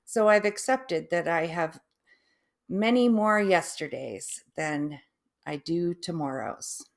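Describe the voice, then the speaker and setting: A middle-aged woman talking in a casual personal video, halting, with restarts, long pauses and drawn-out, oddly stressed syllables. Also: lowish voice, expressive, creaky. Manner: laughs softly at herself. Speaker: vlogger sharing her stroke recovery.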